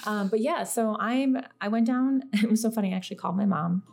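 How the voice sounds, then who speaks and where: A woman telling a story in a casual podcast chat, animated and full of "like", acting out what people said. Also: medium pitch, quick pace, gravelly. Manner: animated storyteller, heavy use of "like", acts out quoted speech. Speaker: podcast guest.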